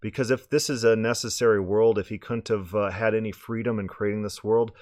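A man with a hoarse, scratchy voice hosting a podcast, rambling casually and repeating words as he restarts his sentences. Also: on the low side, fairly even intonation, fairly quick, a little mellow, no room sound, clean studio sound. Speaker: podcast host.

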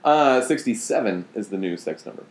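Guy hosting a sports podcast, teasing and dry, lively pitch, roomy echo. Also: a little fast. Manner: teasing, laughs often, dry quips. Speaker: podcast host. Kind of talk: casual sports chat.

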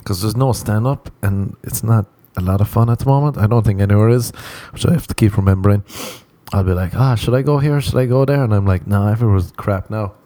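Brief: lowish, mellow male voice, self-mocking comic rambler with a foreign accent. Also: fairly even intonation, brisk. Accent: non-American. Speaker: comedian. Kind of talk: comic monologue.

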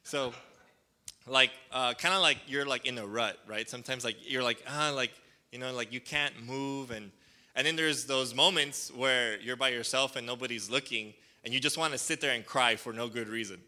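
A man's voice: medium pitch, normal speed, bright, forceful tone. A male pastor preaching a casual, conversational sermon, rambling with lots of "like" and "um" and calling for responses from the congregation. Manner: rambling, full of fillers like "like" and "um".

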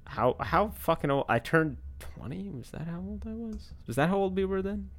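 A man's voice: sits high, moderate pace. A young man in his twenties co-hosting a podcast, joking around and swearing casually. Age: young adult. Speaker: podcast co-host. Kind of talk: casual chat.

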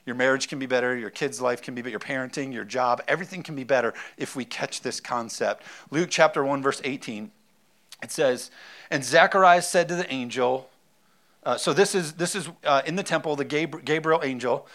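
A man's voice: mid-range voice, brisk, fairly bright tone. A man preaching a sermon in a conversational way, acting out little asides and reading scripture aloud. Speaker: pastor.

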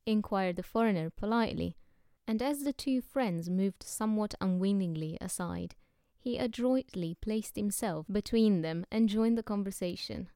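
A woman narrating a novel as an audiobook, with steady, even storytelling. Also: mid-range voice, moderate pace, clear, resonant tone, no room sound, studio quality.

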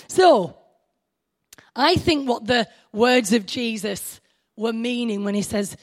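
Woman preacher, high voice, chatty sermon delivery that questions the listeners. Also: slow, long pauses. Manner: conversational, asks the congregation questions.

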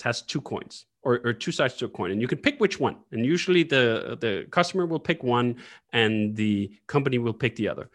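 Blunt, animated man guest. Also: mid-range voice. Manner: animated, blunt, swears freely. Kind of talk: casual interview talk.

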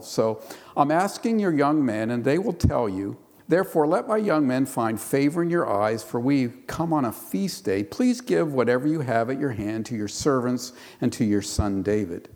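A middle-aged man preaches to his church, reading scripture aloud before unpacking it in a relaxed, conversational voice. His speaking pitch sits in an ordinary middle range. A long reverb from the hall trails after his words. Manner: reads scripture then explains it conversationally, with playful voices for quotes. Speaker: pastor. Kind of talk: sermon.

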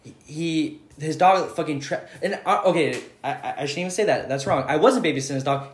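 A man's voice: a little high, fairly quick. A man who is a guest on a podcast, telling a rambling, profane story in casual chat. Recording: roomy echo.

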